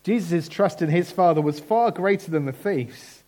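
A man preaching a sermon in a church, earnest and emphatic, slowing down on key phrases. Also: sits high, dark tone.

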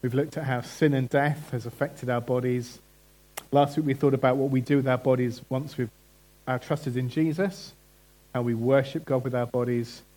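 A man's voice: medium pitch, fairly even intonation, normal speed, darkish tone, low-quality recording. Man preaching a chatty sermon. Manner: chatty, asks the congregation questions. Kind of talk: conversational sermon.

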